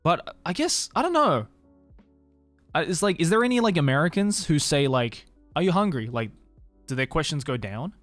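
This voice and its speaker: An Australian man streaming, chatting casually with viewers in a musing, hesitant way, slowing down to sound out words. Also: fairly high pitch, very animated, a bit bright, no echo, faint music behind.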